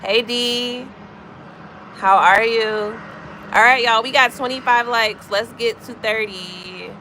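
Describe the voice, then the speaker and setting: A livestream host in her thirties, with an American accent, talks slowly in a slightly high, pushed and bright voice whose intonation stays fairly even. She chats casually, naming viewers as she moves between comments, and there is slight noise in the background.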